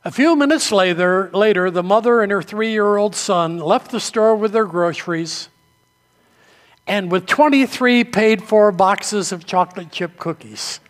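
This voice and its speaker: High-voiced preacher in a reverberant hall. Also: male voice, unhurried. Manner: storytelling preacher, acts out quoted voices. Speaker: pastor. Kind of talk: sermon.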